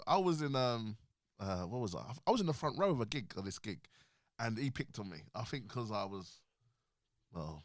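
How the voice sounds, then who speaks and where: A man's voice: mid-range voice, fairly bright tone, no echo. A man hosting a casual chat in a studio, talking animatedly, laughing often and restarting his sentences. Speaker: podcast host.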